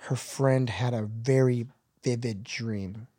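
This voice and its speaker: A middle-aged man telling a personal story in conversation, earnest, and he rises into excited bursts with laughter. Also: medium pitch, slow, no room sound, clean studio sound. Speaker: guest.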